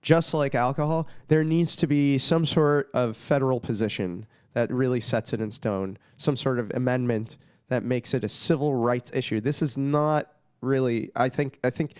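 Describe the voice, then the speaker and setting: A man's voice: medium pitch, steady tone, normal speed, a little mellow, smooth, no room sound. A male musician being interviewed on a podcast, laying out his views in long, reasoned stretches. His voice sits in an ordinary middle range. The sound is dry and close, with no room around it. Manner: earnest, talks in long reasoned runs. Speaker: touring musician guest.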